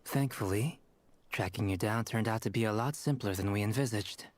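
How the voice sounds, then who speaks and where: A man voicing a calm, scholarly young man in a video game, speaking in an analytical way. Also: lowish voice, normal speed, slight background noise, natural voice. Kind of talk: game voice acting.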